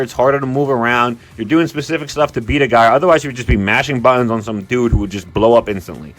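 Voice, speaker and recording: Animated, exasperated male commentator. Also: medium pitch. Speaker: video commentator. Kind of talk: ranking commentary.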